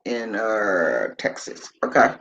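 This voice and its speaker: This is a livestream host in his late fifties, chatting casually on his phone, rambling, and swearing as he reads viewer comments aloud. He has a fairly low, very animated voice with a fairly bright tone and a slow pace, and the sound is lo-fi.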